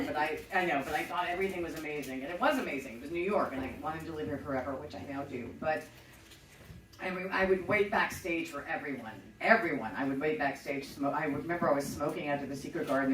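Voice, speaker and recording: A woman's voice: low voice, quick pace, a bit bright, reverberant, recorded from a distance, rough recording. A middle-aged woman hosting a show, telling a personal story in a chatty, profane, self-mocking way. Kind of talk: casual storytelling.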